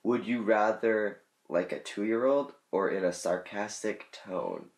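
A man with a low voice chats loosely and jokes as he weighs silly choices. He rambles and trails off into mumbles. The room around him rings with echo. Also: slow pace. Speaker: gaming channel host. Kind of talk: casual chat. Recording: echoey room.

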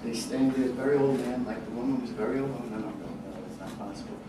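A man's voice: medium pitch, steady tone. A man doing a stand-up comedy set on a club stage, telling stories with wry timing. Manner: wry storytelling with punchline pauses. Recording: echoey room from a distance, noisy.

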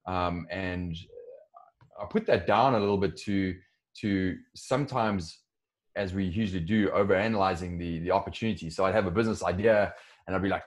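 A man with a South African accent and a notably low voice, speaking as a guest on an interview podcast. He talks in a loose, conversational way, often restarting his sentences and leaning on fillers. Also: fairly even intonation, fairly quick. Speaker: podcast guest, software co-founder. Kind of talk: casual interview.

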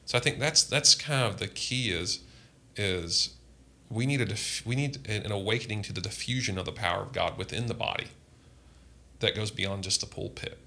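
A man's voice: lowish voice, moderate pace, vocal fry, bright, forceful tone. A man, a pastor, telling earnest personal testimony in a podcast conversation. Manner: earnest, impassioned storytelling.

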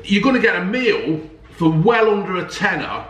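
A man's voice that sits high, sing-song and fairly bright, moves at a moderate pace as he casually reviews ready meals at home. He's a food vlogger who jokes and swears now and then, heard off-mic with roomy sound and faint noise.

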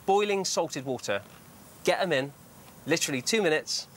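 A man's voice: fairly high pitch, expressive, normal speed, slight background noise. A man demonstrating a recipe on a TV show, chatty and full of tips. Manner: chatty, upbeat, giving tips. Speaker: TV chef. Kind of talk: cooking demonstration. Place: TV studio kitchen.

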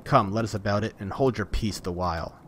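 A man's voice: on the low side, brisk, fairly bright tone, a little hiss or hum, natural voice. A man reading aloud voices a lame male smith god, grave and reluctant, speaking with sorrow. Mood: resentful.

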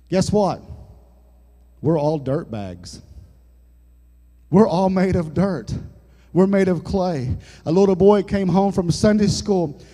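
Male pastor, high voice, unhurried folksy sermon, church echo. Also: warm tone. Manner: folksy preaching with jokes and sudden dramatic drops in volume. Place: church sanctuary. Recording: long church hall reverb.

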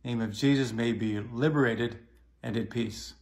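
A man speaking as a priest, leading a spoken prayer in a calm, measured way. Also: medium pitch.

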